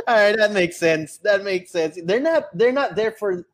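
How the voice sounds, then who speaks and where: A man with a Filipino accent, co-hosting a casual podcast chat, swearing often and telling animated stories. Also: sits high, moderate pace. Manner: swears a lot, animated storytelling. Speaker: podcast co-host.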